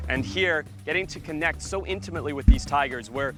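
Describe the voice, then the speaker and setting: A man presenting wildlife on location, excitable and exclamatory, cooing at the animals he is showing. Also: on the high side, brisk, few pauses, music in the background.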